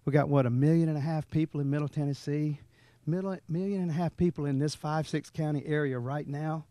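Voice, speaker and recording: A middle-aged man, telling a rambling, animated story to a meeting and laughing now and then. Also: on the high side, fairly quick, no echo. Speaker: motivational speaker at a sales meeting. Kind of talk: folksy storytelling talk to a room. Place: meeting room.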